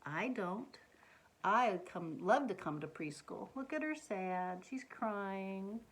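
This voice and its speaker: A woman reading a picture book aloud to young children, gently coaxing them with questions as she points things out. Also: mid-range voice, expressive, slow. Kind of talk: children's read-aloud storytime.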